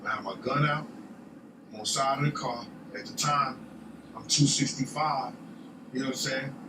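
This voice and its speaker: A man's voice: medium pitch, moderate pace. A man telling a long street story in casual, profane talk, often asking "you know what I'm saying". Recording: echoey, distant, noisy.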